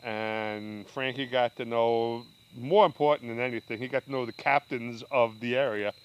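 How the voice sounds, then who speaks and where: Older dad, chatty rambling storyteller, mid-range voice. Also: male voice, mid-range voice, steady tone, normal speed, clear, resonant tone, muffled recording. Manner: rambling, with restarts and asides. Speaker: podcast guest, father. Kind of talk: casual storytelling.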